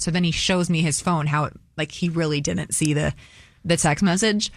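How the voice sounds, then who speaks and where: A woman's voice: on the low side, a little fast, no echo, studio quality. A woman hosting a radio call-in show, chatting casually and laughing as she tells stories.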